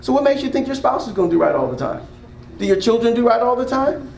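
A man's voice: extremely high pitch, very animated, fast talker, creaky, darkish tone, echoey room, low-quality recording. A man preaching an interactive sermon as pastor, asking the congregation questions and drawing call-and-response. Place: church hall.

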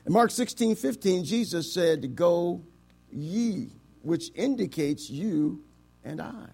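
Pastor, male, high-pitched, emphatic sermon delivery that drops to a hush and drags out key words. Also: expressive, slow pace, gravelly, soft background music. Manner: emphatic, swings from loud to hushed, stretches key words; addresses the congregation with rhetorical questions.

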